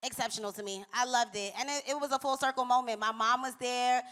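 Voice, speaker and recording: A woman speaking as a guest in a live panel conversation, casual and lively, in a large event hall. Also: fairly high pitch. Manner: casual and lively, quick to laugh. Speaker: panel guest, model and creator.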